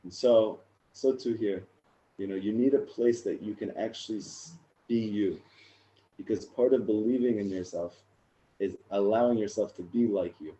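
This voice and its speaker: A man in his thirties talks casually to a group, telling a personal story with animated ups and downs. His voice sits low and mellow. The sound is dull and lo-fi. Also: moderate pace. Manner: animated storyteller, rising and loud in funny moments. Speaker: rabbi and speaker sharing his story.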